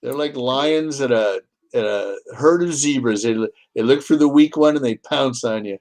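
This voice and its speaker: A man's voice: medium pitch, moderate pace, a little mellow, poor audio. Co-host, man, casual and joking, storytelling banter. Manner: easygoing, jokes and tells anecdotes. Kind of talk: casual fan chat.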